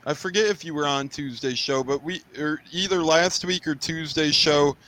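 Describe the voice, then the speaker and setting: A man's voice: fairly high pitch, normal speed, fairly bright tone. A man hosting a casual sports podcast, chatting in an upbeat fan manner. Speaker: podcast host.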